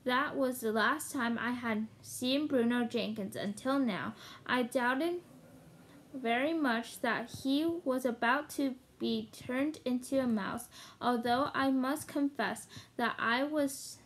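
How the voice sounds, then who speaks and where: A woman reads a children's novel aloud, unhurried and careful with each phrase. Her voice sits high and bright, and she takes her time over every sentence. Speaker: reader of a children's book channel.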